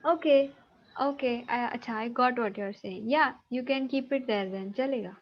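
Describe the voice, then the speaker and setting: A woman with an Indian English accent teaches an online class, explaining steps patiently and often checking whether her students follow. Her voice sits fairly high. The sound is dull and lo-fi, like video call audio. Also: normal speed. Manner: patient, explanatory, checks understanding with tag questions.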